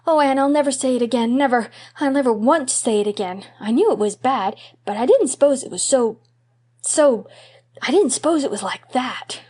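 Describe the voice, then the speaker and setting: Woman voicing a pleading, excitable little boy. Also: high-pitched, moderate pace, slightly rough, pitched above the performer's own voice. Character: eager, mischievous little boy.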